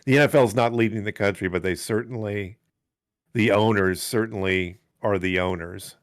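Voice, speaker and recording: Male podcast co-host with a very deep voice, hesitant, easygoing chat, dry sound. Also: normal speed, dry recording. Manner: laughs easily, hesitant fillers. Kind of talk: casual chat.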